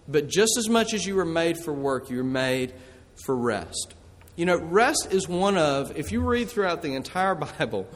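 Pastor, male, high voice, earnest sermon delivery, long hall reverb. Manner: earnest preaching with slowed emphatic phrases.

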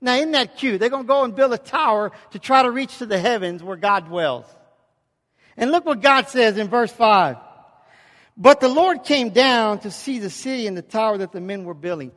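A man's voice: sits high, animated, normal speed, a bit bright, long reverb tail. A pastor preaching an emphatic sermon in a church, often checking in with his congregation.

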